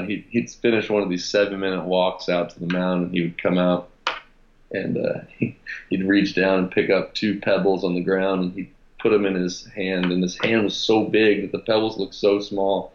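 A man telling a story as a podcast guest, reflective and halting, with frequent restarts. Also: sits low. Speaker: podcast guest, gym founder. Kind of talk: casual storytelling interview. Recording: roomy, dull sound.

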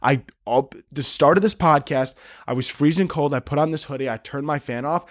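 A young man hosting a solo comedy podcast, rambling and sarcastic, swearing often and breaking into squeaky mocking voices. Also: fairly quick, no room sound, studio quality. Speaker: podcast host.

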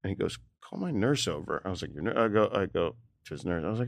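Brief: low-pitched man in his forties, candid emotional storytelling, halting and restarting, dry close sound. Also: no room sound. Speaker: interview guest, comedian.

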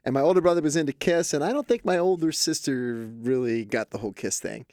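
A man co-hosting a podcast in casual chat, chatty and quick to chime in. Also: on the high side, expressive, darkish tone, no echo, clean studio sound. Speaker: podcast co-host.

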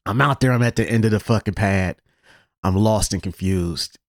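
A man hosting a podcast, telling a story in a casual, animated, profane way. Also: fairly low pitch, moderate pace, no room sound, studio quality. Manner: animated, profane, laughs through his story. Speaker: podcast host.

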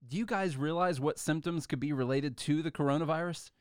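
Male host, casual news commentary, wry asides, a bit higher-pitched, dry studio mic. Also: a little fast, smooth, no room sound. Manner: reads articles aloud with sarcastic asides. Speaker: show host reading news.

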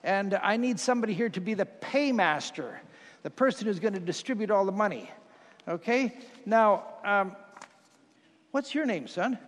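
High-voiced preacher in a reverberant hall. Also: male voice, expressive, normal speed. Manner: folksy, swings to loud emphatic preaching. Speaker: pastor. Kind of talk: sermon with audience participation. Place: church hall with congregation.

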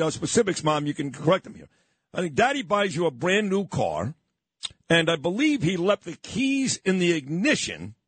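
A middle-aged man from Brooklyn, hosting a morning radio show and reminiscing in a sentimental, halting way. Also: high-pitched, breathy edge, no echo. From Brooklyn, New York. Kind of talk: radio talk show chat.

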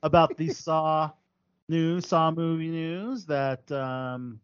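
A man's voice: a little high, fairly even intonation, slow pace, clear, resonant tone, muffled recording. A man hosting a casual podcast, reading movie news and rambling with many ums and restarts. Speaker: podcast host.

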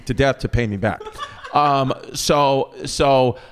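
A young man hosting a podcast in a loose, joking chat. He teases his guest and laughs through his questions, speaking at an ordinary pitch. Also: slow, noisy background. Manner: joking, teasing, laughs often. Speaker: podcast host.

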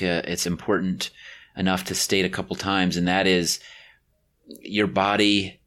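A man hosting a podcast, speaking in a deliberate, measured way. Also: sits low, fairly bright tone. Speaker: podcast host. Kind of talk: casual podcast chat.

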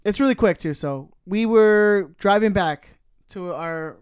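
A man co-hosting a podcast, telling stories quickly with lots of fillers. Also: high voice, smooth. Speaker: podcast co-host. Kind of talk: casual storytelling chat.

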